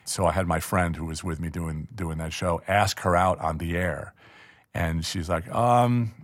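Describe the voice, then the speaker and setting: A man's voice: sits low, fairly even intonation, unhurried. A middle-aged man telling a long personal story in a casual interview, chatty and self-deprecating, with frequent restarts and laughs.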